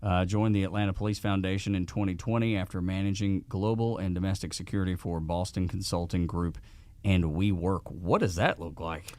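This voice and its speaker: A man's voice: deep voice, steady tone, fairly quick, darkish tone, no room sound. A man hosting a casual interview, folksy and joking. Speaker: podcast host.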